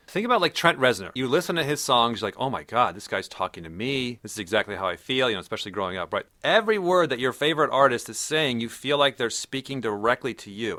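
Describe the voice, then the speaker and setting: A man's voice: medium pitch, pushed and bright. A man giving a casual, blunt lecture, swearing freely and acting out the people he quotes. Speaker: personality typing instructor.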